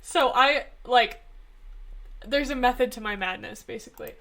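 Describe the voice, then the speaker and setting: A teenage girl chatting on a podcast in a slightly high voice. She hesitates a lot and pads nearly every sentence with fillers. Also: normal speed, a bit bright. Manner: hesitant, filler-heavy with lots of "like". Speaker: podcast co-host. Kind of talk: casual chat.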